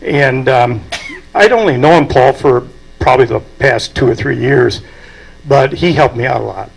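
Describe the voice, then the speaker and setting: An aviation club president, an older man, eulogizes someone at a memorial with homespun anecdotes and chuckles at his own stories. He speaks in a medium pitch, unhurried, with a creaky, slightly rough quality. The recording is low quality.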